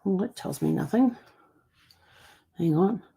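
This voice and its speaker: A woman's voice: mid-range voice, animated, measured pace, vocal fry, warm tone, husky. A middle-aged woman telling a personal story on her vlog, chatty and rambling, with frequent restarts. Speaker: family history vlogger.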